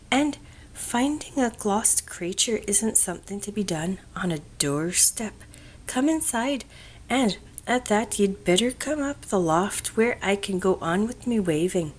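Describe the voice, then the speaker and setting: A woman voicing a plump, jolly old woman said to be a witch, chatty and secretive with old-country turns of speech. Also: mid-range voice.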